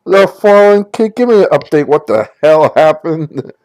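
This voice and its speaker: A man's voice: on the high side, no room sound. A man playing a ship captain in a tabletop game, talking in character with many restarts. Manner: halting, restarts a lot, swoops up when excited.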